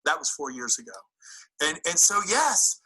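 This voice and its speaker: A man giving a motivational talk to real estate agents, acting out little exchanges and throwing in sudden incredulous jumps in tone. His voice is very bright and a bit husky. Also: fairly high pitch, normal speed, low-quality recording. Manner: animated, incredulous, acts out quotes.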